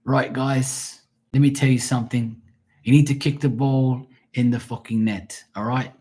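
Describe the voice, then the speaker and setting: A man's voice: medium pitch, fairly even intonation, moderate pace, warm tone, voice pushed up, lightly acted. A man putting on a Scottish accent to play a bossy middle-aged soccer coach barking orders at kids. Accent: put-on Scottish.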